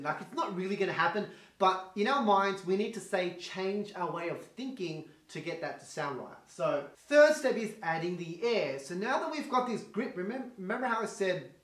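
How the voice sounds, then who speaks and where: A man teaching a singing lesson in a quick, chatty coaching manner, demonstrating with vocal sounds. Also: a little high, fairly bright tone. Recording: roomy echo, faint guitar behind.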